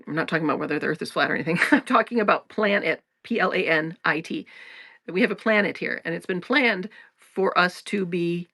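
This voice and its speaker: A woman's voice: on the low side, quick pace, sharp tone, no room sound, clean studio sound. A woman hosting a spiritual talk in a casual, frank way, swearing freely, laughing often and restarting her sentences. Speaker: spiritual teacher and podcast host.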